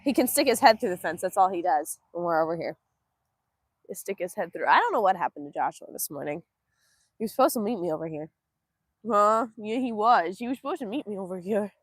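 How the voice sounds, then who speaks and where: A woman's voice: medium pitch, lively intonation, brisk, husky, no room sound. A woman from Northeast Texas, hosting a casual livestream from an outdoor cow pen. She chats affectionately, answers viewer comments and coos to the animals in a sing-song baby voice. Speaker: livestream host.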